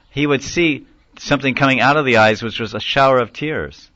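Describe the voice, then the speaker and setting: A man's voice: mid-range voice, fairly quick, sharp tone, dry recording. A man giving a conversational devotional lecture, acting out quoted voices and chuckling now and then. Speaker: lecturer on scripture. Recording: dull lo-fi dry recording.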